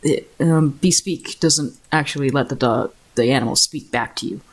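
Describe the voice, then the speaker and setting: A woman narrating as dungeon master of a tabletop game, relaxed and laughing often. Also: rumbling low, moderate pace. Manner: relaxed, laughing, swears casually.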